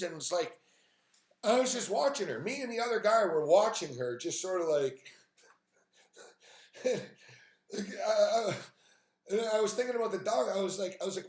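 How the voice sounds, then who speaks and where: A man's voice: high voice, lively intonation, normal speed, fairly bright tone, echoey room. A man hosting a live stream, telling an exasperated, profane story with lots of fillers. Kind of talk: profane ranting monologue.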